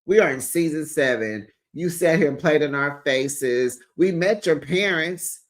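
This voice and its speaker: A man's voice: a little high, a little slow. Sassy man recapping reality TV gossip. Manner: sassy, animated, talks straight to viewers.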